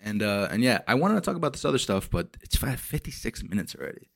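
A young man hosting a solo podcast, rambling and swearing as he retells movie scenes with lively energy. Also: mid-range voice, fast, gravelly, no echo. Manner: rambling, profane, animated retellings. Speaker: podcast host. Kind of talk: casual solo podcast rant.

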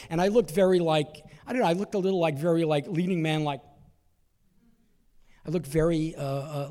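Wry stand-up comedian telling a story. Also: male voice, on the high side, darkish tone, big-room sound. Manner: conversational, wry, acts out quoted voices.

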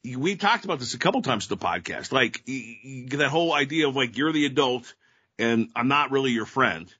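A man's voice: mid-range voice, expressive, brisk, sharp tone, slightly rough, highs cut off. A middle-aged man co-hosting a podcast, chatting casually and rambling with lots of fillers. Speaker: podcast co-host. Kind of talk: casual chat.

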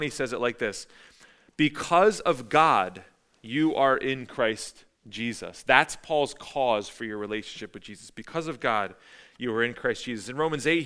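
Male pastor, middle-aged, bright crisp voice, chatty emphatic sermon delivery. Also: medium pitch. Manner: conversational, emphatic, repeats phrases.

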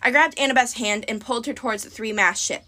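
A woman's voice: fairly high pitch, quick pace, sharp tone. A woman narrating an audiobook expressively in the first person. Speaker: audiobook reader.

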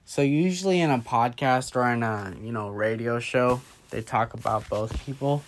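A man's voice: medium pitch, moderate pace, slight background noise. Tipsy young man rambling. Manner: rambling, loose and off-track. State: drunk. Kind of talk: casual late-night chat.

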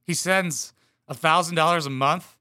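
A man's voice: on the high side, normal speed, bright, forceful tone, no echo, clean studio sound. A young man making crude, sarcastic jokes as he comments on a reality show clip. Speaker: reaction commentator.

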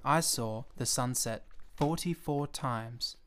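A man's voice: medium pitch, takes it slowly, fairly bright tone, clean tone. A man voicing a small, earnest and stubborn boy prince in a storybook reading, asking questions and growing indignant when upset. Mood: wistful.

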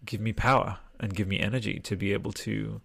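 A tired man hosts a livestream at his home desk, talking into a close desktop mic in a somewhat low voice. His delivery is loose and rambling as he reads viewer comments aloud, with the odd curse word. The sound is dry, with no room echo. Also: steady tone, fairly quick, gravelly, fairly bright tone. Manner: rambling, chatty, swears freely. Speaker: podcast host. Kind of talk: casual livestream chat reading viewer comments. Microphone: desktop mic with headphones.

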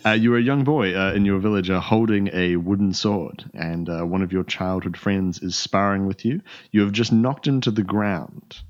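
A man's voice: low-pitched, moderate pace, few pauses. A man narrating as game master, rambling with many fillers and restarts. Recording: dull lo-fi audio.

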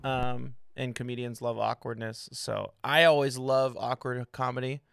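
A man's voice: mid-range voice, flat delivery, moderate pace, vocal fry, a bit bright, clear, resonant tone, dry recording, clean studio sound. A man co-hosting a casual sports podcast, talking in a laid-back, rambling way with many fillers. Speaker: podcast co-host.

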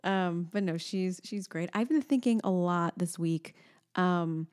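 A woman's voice: on the low side, measured pace. A woman in her thirties, a voice teacher, co-hosting a casual chat, telling stories with animation and acting out her toddler's voice. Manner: animated storyteller, acts out her daughter's voice. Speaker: podcast co-host.

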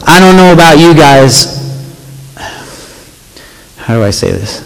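A man's voice: on the high side, sing-song, unhurried, vocal fry, long pauses. Conversational man preaching in an echoing hall. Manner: conversational, asks the audience "right?", reads scripture aloud. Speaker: youth pastor. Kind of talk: youth sermon. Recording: long hall reverb.

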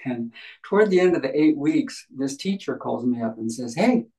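A man's voice: medium pitch, lively intonation, normal speed, darkish tone, low-quality recording. A man telling a long anecdote in a casual interview, rambling with many fillers and acting out the voices of others. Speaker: guest, healing practitioner.

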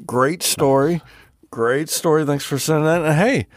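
A man's voice: on the high side, a little slow, no echo, studio quality. A man co-hosting a podcast, joking and laughing in crude casual banter. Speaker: podcast co-host.

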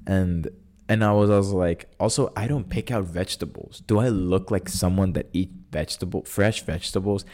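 Deep-voiced chatty podcast host, a man. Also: moderate pace, darkish tone. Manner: chatty and rambling, full of "like" and self-corrections; wry and sarcastic. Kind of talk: casual solo storytelling.

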